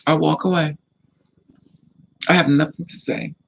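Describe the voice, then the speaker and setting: A man vlogging life advice, hammering his points home through repetition. His voice is gravelly and a little husky, and it sits fairly high for a man. The delivery stays casual but has the insistence of a sermon. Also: steady tone, measured pace, rough recording. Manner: emphatic, repetitive, preachy. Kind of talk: casual advice monologue to camera.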